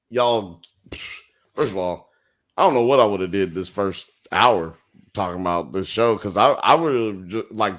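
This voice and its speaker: A man's voice: on the low side, fairly bright tone. A man hosting a casual late-night podcast, talking in loose, profane slang and often laughing. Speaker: podcast host.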